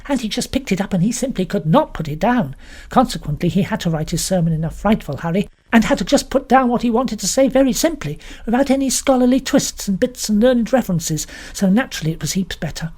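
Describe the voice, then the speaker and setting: A woman's voice: mid-range voice, lively intonation, quick pace, a little mellow, pitched above the performer's own voice, lightly acted. A woman with a British accent voicing a middle-aged vicar's wife who gushes eagerly and rambles on breathlessly in a storybook reading. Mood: gushing. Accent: British English.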